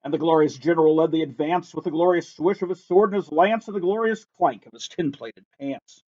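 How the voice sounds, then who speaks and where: Reading a rhyming picture book aloud, a high-voiced man bounces through the rhythm in a lively sing-song at a fairly quick clip. The audio is dull and lo-fi, its top end rolled off.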